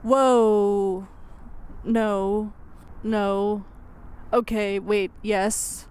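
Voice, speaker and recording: A woman's voice: medium pitch, fairly even intonation, very slow, darkish tone, a little hiss or hum. A woman hosting a comedy science interview, playful and teasing with mock-dramatic gasps. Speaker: comedy show host interviewing a guest. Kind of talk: comic interview banter.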